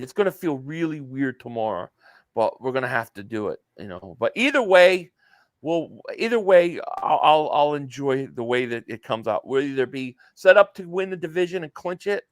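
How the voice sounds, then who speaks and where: A man's voice: mid-range voice, lively intonation, normal speed, dry recording, studio quality. A man hosting a casual sports podcast, rambling with plenty of fillers and reading viewer messages aloud. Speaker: podcast host.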